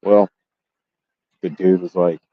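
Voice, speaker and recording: A man with a low, husky voice tells a story in a casual gaming vlog, ranting with plenty of swearing. The recording is dull and lo-fi. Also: level tone, takes it slowly, no room sound. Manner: profane, exasperated ranting. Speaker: gaming YouTuber.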